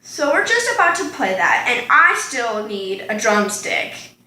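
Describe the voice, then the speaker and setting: Rambling bright-voiced teen girl vlogger. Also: a little high, very animated, a little slow. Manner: rambling, sidetracked, lots of ums and likes. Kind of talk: casual storytime chat. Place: home kitchen. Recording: echoey room.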